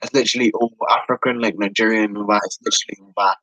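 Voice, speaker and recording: A man's voice: fairly low pitch, steady tone, quick pace, sharp tone, dry recording, poor audio. Young British man, stammering and rambling, dry close sound; casual vlogger venting. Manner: hesitant and rambling, stammering restarts. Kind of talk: casual vlog rant.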